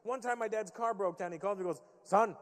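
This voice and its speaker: A stand-up comedian in his fifties teasing audience members with quick banter. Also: high voice. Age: 50s. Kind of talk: stand-up crowd work. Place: live comedy venue with audience. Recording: reverberant hall, faint crowd ambience.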